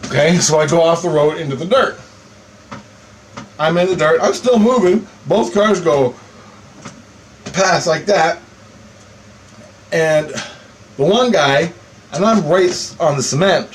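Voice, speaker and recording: A man's voice: a little high, measured pace, pauses often, slight background noise. Foul-mouthed man ranting to camera. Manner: swears constantly, animated storytelling. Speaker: vlogger. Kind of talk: profane rambling monologue.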